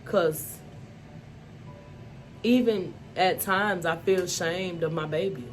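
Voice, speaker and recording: Candid woman vlogger, low voice. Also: slow pace. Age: adult, mother of school-age children. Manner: candid, emphatic, frequent "you know" and "y'all". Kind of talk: personal storytelling vlog.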